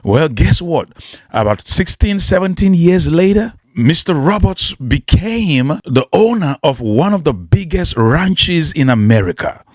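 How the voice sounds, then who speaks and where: Emphatic husky male preacher. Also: a little high, big pitch swings, unhurried, dry recording, studio quality. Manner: emphatic, repetitive, rhetorical. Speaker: motivational preacher. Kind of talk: preaching motivational storytelling.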